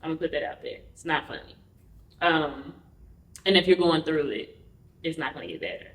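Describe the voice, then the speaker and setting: A woman guest telling a personal story in an interview. She talks candidly and acts out the quoted dialogue with lively energy. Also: deep voice, a little fast. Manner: candid, conversational. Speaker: podcast guest. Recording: roomy, mic at a distance.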